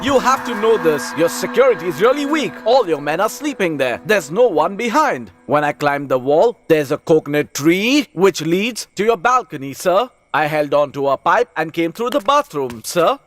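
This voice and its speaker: A man's voice: on the high side, very animated, moderate pace, few pauses, a bit bright, no echo, faint music behind. A man dubbing a nervous, overly polite young intruder in a film, who rambles and keeps saying sir. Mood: earnest. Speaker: dub actor. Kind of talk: dubbed film dialogue.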